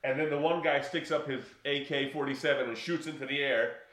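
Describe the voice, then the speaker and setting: A man's voice: medium pitch, fairly even intonation, fairly quick, a bit bright, echoey room. A man in casual chat recapping a film, laughing often and acting out lines in funny voices.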